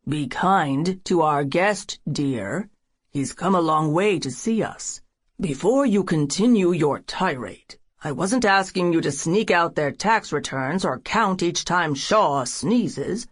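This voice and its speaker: A woman's voice: on the low side, expressive, slow. Woman playing a stern businessman father. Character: stern businessman father, middle-aged, controlling. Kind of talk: audiobook character voice.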